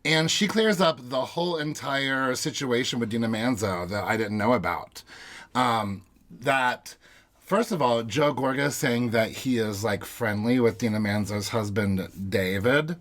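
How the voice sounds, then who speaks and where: A man's voice: medium pitch, unhurried, a bit bright. A man co-hosting a podcast in a small closet studio at home, chatting casually and rambling with frequent restarts. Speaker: podcast co-host. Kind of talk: casual recap chat.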